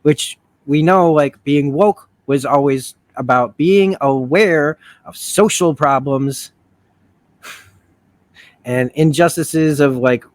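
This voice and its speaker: A man's voice: on the high side, slow, dry recording. A man hosting a casual review, thinking aloud with many restarts and frequent swearing. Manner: rambling, profane, with self-correcting restarts. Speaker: video essay host.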